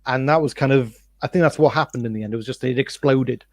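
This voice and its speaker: A man's voice: mid-range voice, quick pace, a little mellow, no room sound, clean studio sound. A man discussing a book on a stream, thoughtful and hesitant, often restarting his sentences.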